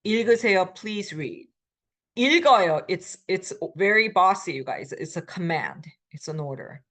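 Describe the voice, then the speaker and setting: A middle-aged woman giving a recorded language lecture as the instructor, explaining patiently with frequent ums and pauses. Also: lowish voice, lively intonation, fairly bright tone.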